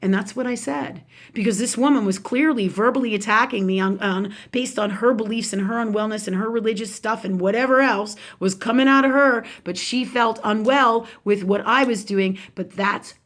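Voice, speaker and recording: Woman spiritual teacher, somewhat high voice, live rambling talk, emphatic and casually profane. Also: moderate pace.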